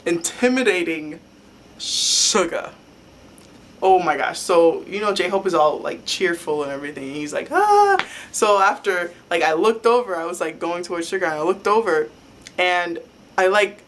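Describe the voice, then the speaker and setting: A young woman telling a story to her vlog camera in a rambling, excitable way, full of "like" fillers. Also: on the low side, moderate pace. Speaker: vlogger. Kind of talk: casual fan storytelling.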